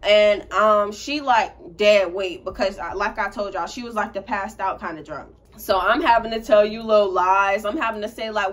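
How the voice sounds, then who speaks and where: A young woman co-hosting a casual storytime vlog, animated, swearing freely and laughing as she tells it. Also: mid-range voice, moderate pace, few pauses. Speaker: co-host telling a story.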